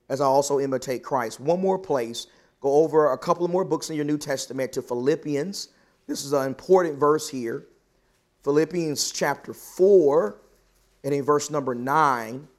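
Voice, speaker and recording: A man preaching a Bible class lesson, reading scripture and asking questions, slowing down to stress key words. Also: fairly high pitch, a little mellow.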